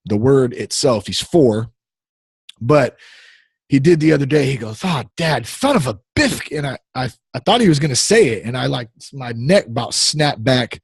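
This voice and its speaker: A man's voice: mid-range voice, expressive, moderate pace, gravelly, husky, no room sound. A man in his thirties hosting a podcast, talking casually in a rambling, easily distracted, playful way. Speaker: podcast host.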